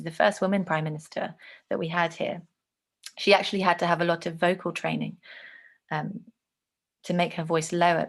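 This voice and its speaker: A woman teaching an online lesson, explaining clearly and showing examples with her own voice. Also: on the low side, fairly bright tone.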